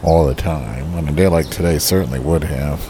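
A man's voice: extremely low pitch, normal speed, dark tone. A man ranting in a casual vlog from a park bench, profane, grumbling and self-pitying. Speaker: vlogger. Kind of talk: rambling outdoor vlog rant. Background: birds and passing traffic.

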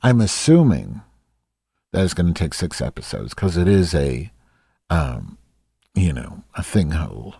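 A crude, self-mocking woman, as a man plays her rambles through a solo comedy monologue, losing her thread and filling gaps as she goes. The voice sits very low and dark. It is dry and close, with no room sound. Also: big pitch swings, a little slow, creaky, long pauses, slightly rough, dry recording, full character voice. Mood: rambling. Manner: rambling, distracted, loses track with many fillers.

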